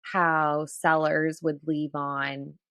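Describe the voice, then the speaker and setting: A woman in her thirties talks casually on a podcast with a bright, forceful tone. Her voice is a little low for a woman and sounds dry and close. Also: no room sound. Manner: quick reactions, lively casual chat. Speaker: podcast co-host. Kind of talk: casual chat.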